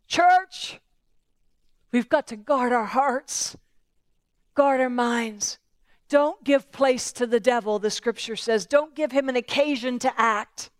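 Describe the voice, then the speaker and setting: Middle-aged lady preacher, earnest sermon, highish voice, dry close sound. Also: measured pace, dry recording. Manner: earnest, questioning, voicing Bible figures in prayer.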